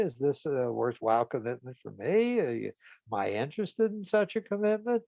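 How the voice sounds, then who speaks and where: A man telling a client's story and acting out each person's side of the dialogue with lively emphasis. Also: a little high, gravelly, no room sound. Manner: animated retelling, voices the people in the story with rising emphasis.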